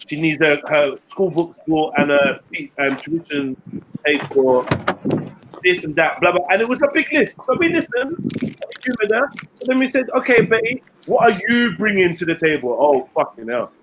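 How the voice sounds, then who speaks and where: A man's voice: fairly high pitch, very animated, unhurried, noisy background. A man, telling a story in casual, blunt, slangy podcast chat. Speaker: podcast co-host.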